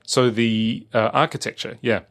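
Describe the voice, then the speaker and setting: A man's voice: medium pitch, steady tone, normal speed, a bit bright. A man with an Australian accent, co-hosting a podcast in casual chat, rambling with many fillers and restarts. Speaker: podcast co-host.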